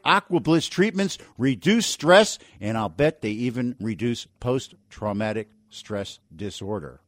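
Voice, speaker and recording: A man's voice: mid-range voice, dry recording, studio quality. Opinionated talk radio host, man. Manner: brisk and opinionated, with rhetorical questions. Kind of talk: business talk radio with editorials.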